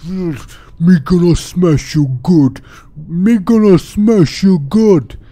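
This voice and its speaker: Man doing a loud dim ogre brute. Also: high-pitched, very slow, pitched above the performer's own voice, heavily acted. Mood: angry. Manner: loud broken-grammar threats. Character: dim, brutish male ogre prisoner.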